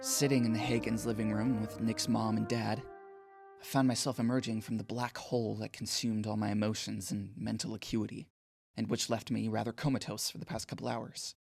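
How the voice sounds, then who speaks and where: A nervous teen boy, audio drama narrator, self-deprecating, low, gravelly. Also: little pitch movement, a little fast, darkish tone, soft background music. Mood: anxious. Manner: self-deprecating, inward, anxious. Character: anxious, awkward teenage boy, shaken and numb.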